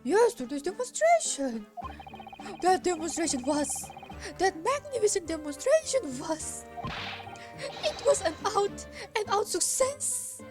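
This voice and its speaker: A woman voicing an excitable, eccentric male mad scientist in a put-on German accent, stammering and exclaiming loudly, over game music. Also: extremely high pitch, unhurried, voice pushed up, full character voice. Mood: excited. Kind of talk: voicing game dialogue on a stream.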